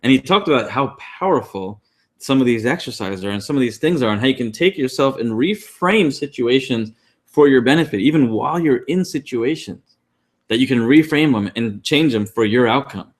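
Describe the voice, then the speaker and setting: A man's voice: mid-range voice, expressive, moderate pace. A man co-hosting an online class, talking casually with many fillers and restarts. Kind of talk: casual teaching talk. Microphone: online class call.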